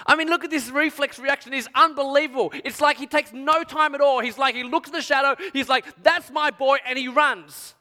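A man preaching a sermon, telling a story with strong feeling, dropping to a hush and rising to near shouts. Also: very high voice, steady tone, a little fast, few pauses, big-room sound. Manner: emotional storytelling, dramatic swings from hushed to shouting.

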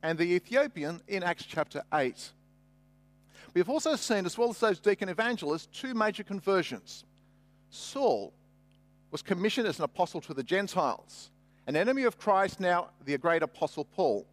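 A man's voice: sits high, big pitch swings, moderate pace, no room sound. A man preaching a sermon, conversational with humorous asides. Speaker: pastor.

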